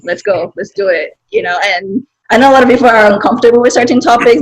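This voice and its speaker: A woman's voice: mid-range voice, slightly rough, low-quality recording. A woman from Nigeria with a Nigerian accent, telling personal stories openly in a group conversation over a video call. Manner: open, talkative, personal storytelling. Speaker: discussion participant.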